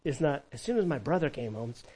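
A man preaching a sermon in a church, shifting from lively emphasis to hushed, conversational asides. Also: mid-range voice, fast talker, breathy edge, rough recording. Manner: animated, conversational preaching with sudden drops to a hush. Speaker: pastor.

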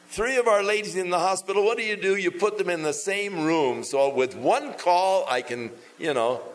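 Man telling a lively sermon story. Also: medium pitch, low-quality recording. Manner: animated, acts out quoted dialogue.

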